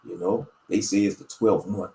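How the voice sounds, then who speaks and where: A man's voice: deep voice, fairly even intonation, moderate pace, mellow, echoey room, poor audio. A man hosting a casual religious livestream, talking to his viewers in a meandering, preachy way with lots of fillers. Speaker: livestream host.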